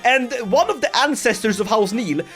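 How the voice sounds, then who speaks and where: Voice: moderate pace, faint music behind. A game commentator giving comedic strategy game commentary, full of sarcastic asides and laughs. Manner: lively, swinging pitch with mock-dramatic outbursts.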